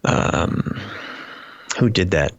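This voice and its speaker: A man's voice: drawn-out words, lo-fi sound. A man chatting casually on a podcast, rambling through stories with many fillers and restarts. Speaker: podcast guest. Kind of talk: casual chat.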